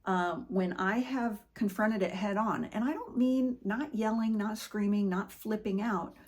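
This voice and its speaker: A woman's voice: mid-range voice, a little slow. Earnest woman hosting a motivational talk. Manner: earnest, conversational storytelling with animated quoted voices. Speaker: podcast host. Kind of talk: personal motivational monologue.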